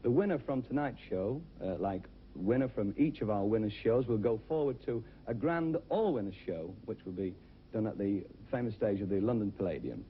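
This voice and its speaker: Jokey talent show host, worn tape. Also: male voice, fairly low pitch, expressive, a little fast, phone-quality sound, slight background noise. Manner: chatty, jokey, with fillers. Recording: worn 1970s VHS TV audio.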